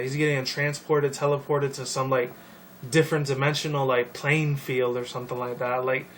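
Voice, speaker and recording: A man's voice: mid-range voice, fairly bright tone. Rambling profane young man, distant mic. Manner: profane, rambling, many fillers. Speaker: video commentator. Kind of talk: casual rambling commentary. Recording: distant mic with faint noise.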